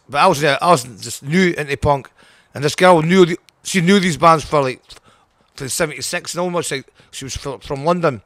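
Older Scottish man, punk singer guest, blunt and profane, bright voice, dry sound. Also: a little high, no room sound. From Scotland. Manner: blunt, sweary, rambling. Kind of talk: interview.

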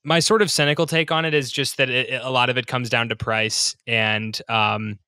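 A man co-hosting a podcast, talking in a measured, hedging way with frequent ums. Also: medium pitch, steady tone, sharp tone, smooth, no echo. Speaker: podcast co-host. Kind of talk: casual podcast chat.

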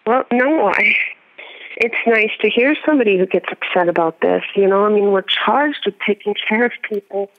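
A woman's voice: medium pitch, moderate pace. A woman guest in a remote interview, talking in an earnest, matter-of-fact way over a muffled phone line. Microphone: telephone.

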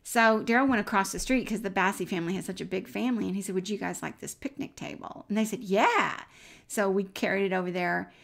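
Middle-aged woman, Christian speaker giving an earnest testimony, slight fry in the voice. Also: mid-range voice, fast talker. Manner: warm, earnest storytelling that drops to a near-whisper at times. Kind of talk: personal faith testimony, storytelling.

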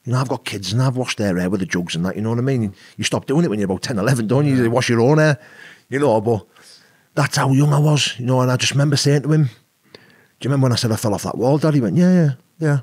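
A man's voice: mid-range voice, racing, darkish tone, slightly rough, dry recording, clean studio sound. A British man telling a personal story as a podcast guest, rambling and casual, often saying "you know what I mean". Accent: British English. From Britain. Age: adult with an eleven-year-old son.

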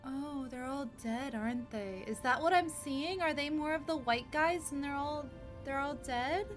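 Woman game streamer, high bright voice, slow unhurried talk, soft game music behind. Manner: wondering, easily startled, gasping, thinking aloud. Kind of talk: casual live gameplay reaction.

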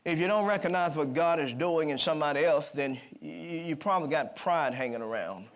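Guy preaching a church sermon, kinda high voice, gets loud and emphatic then chatty. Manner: rising to emphatic call-and-response, then quick conversational storytelling. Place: church service.

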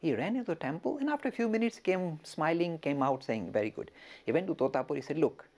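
A male religious lecturer telling a story in an expressive way and speaking directly to his listeners. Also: a little high, fast talker.

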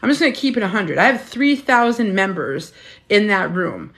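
A woman's voice: mid-range voice, big pitch swings, moderate pace, fairly bright tone. A woman in her fifties, a menopause health coach, chatting casually and frankly on a phone at home, swearing freely. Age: 50s. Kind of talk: casual live-stream chat.

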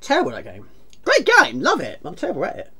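A woman's voice: fairly high pitch, wildly swooping pitch, fast, bright, forceful tone, a little hiss or hum. A woman streaming a retro game, chatting casually, teasing herself and greeting viewers from chat. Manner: chatty, self-mocking, reads chat aloud.

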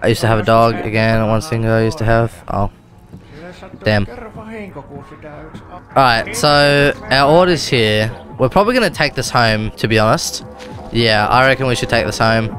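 A man's voice: medium pitch, measured pace, long pauses, fairly bright tone, soft background music. A man with an Australian accent giving loose, rambling gameplay commentary, often correcting himself mid-sentence. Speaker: gaming video host. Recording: car engine noise behind.

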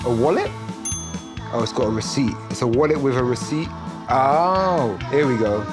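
A man, a comedian contestant, talking through a task in a laid-back, deadpan way. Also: medium pitch, moderate pace, over music. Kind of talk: relaxed commentary while doing a task.

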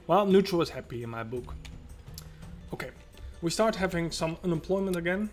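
A man's voice: a little high, a little fast. A man casually commenting on his own gameplay as a let's play host, rambling and talking to himself and to the game. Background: loud game music.

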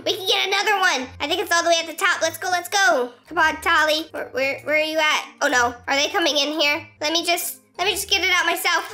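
A woman YouTuber giving excitable, giggly role-play gameplay commentary, often breaking into shrieks. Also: very high-pitched, a little fast, hardly any pauses, very noisy. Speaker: gaming YouTuber.

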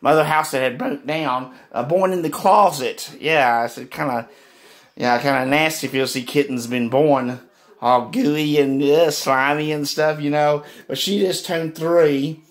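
A middle-aged man, hosting his homemade vlog with loud, excited greetings and rambling chatter. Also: fairly high pitch, measured pace. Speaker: vlogger, channel host.

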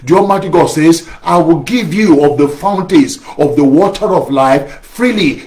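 Man, pastor, sermon, emphatic preaching, slow drawn-out phrases, animated pitch. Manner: emphatic preaching, slow stretched phrases, rising to shouts in prayer.

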